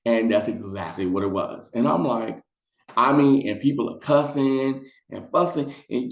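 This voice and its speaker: A man telling a casual storytime to his viewers, chatty and animated, slipping into high put-on voices when quoting people. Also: a little slow, echoey room, lo-fi sound. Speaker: storytelling vlogger.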